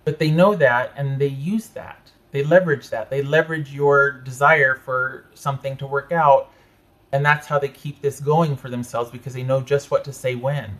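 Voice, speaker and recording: A man giving a casual tarot reading, talking in a chatty way with animated asides and frequent self-interruptions. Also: medium pitch, normal speed. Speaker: tarot reader.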